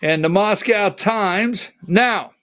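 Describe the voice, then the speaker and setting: Male political commentary host, high pitched, deliberate and combative delivery, dry close mic. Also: fairly bright tone, no room sound. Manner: combative, rhetorical, emphatic. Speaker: political talk show host.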